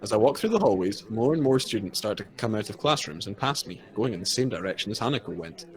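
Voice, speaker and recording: A man's voice: fairly low pitch, very animated, fast. A man reading a visual novel's narration aloud during a let's play, joking and swearing between passages. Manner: jokey, swears freely, breaks into laughter. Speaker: let's play co-host reading the game text. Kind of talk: reading game narration aloud with casual banter.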